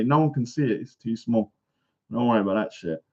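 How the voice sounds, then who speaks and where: A man's voice: mid-range voice, normal speed. A man ranting and mocking his rivals in a casual vlog, swearing often, recorded at home in a bungalow. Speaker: vlogger. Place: bungalow room. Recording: dull lo-fi recording.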